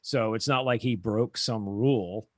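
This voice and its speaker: A man co-hosting a podcast, chatting casually about a book, animated and laughing easily, with frequent swearing. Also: lowish voice, unhurried, no echo, studio quality. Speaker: podcast co-host.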